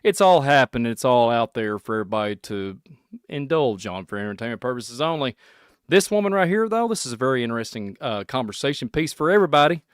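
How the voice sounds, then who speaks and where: A man from Kentucky with a Southern accent, hosting a rambling solo podcast, excitable and laughing often as he jumps between topics. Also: mid-range voice, quick pace, smooth, dry recording, clean studio sound. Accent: Kentucky Southern American. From Kentucky, USA. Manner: excitable, laughing, puts on silly voices. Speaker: podcast host.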